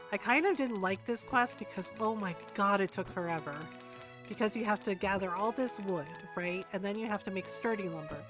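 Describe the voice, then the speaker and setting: A woman streaming a farming game, chatting casually and sarcastically, full of "like" and "right?". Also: mid-range voice.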